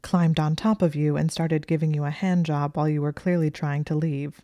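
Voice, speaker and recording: A woman reading the lines of a nervous teenage witch, hurried and stumbling over her words. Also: deep voice, little pitch movement, warm tone, no room sound, studio quality, lightly acted. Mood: flustered.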